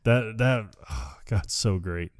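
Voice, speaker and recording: A man's voice: fairly low pitch, slow pace, dry recording, studio quality. A man co-hosting a podcast, chatting casually about a film and acting out lines between laughs. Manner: animated, acts out quoted lines with laughter. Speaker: podcast co-host.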